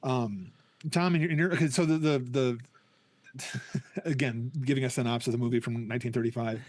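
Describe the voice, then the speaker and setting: Excited guy rambling on a podcast, lots of restarts, dry close sound. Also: medium pitch, brisk, no echo. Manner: enthusiastic, rambling with many restarts. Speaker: podcast host. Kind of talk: casual chat.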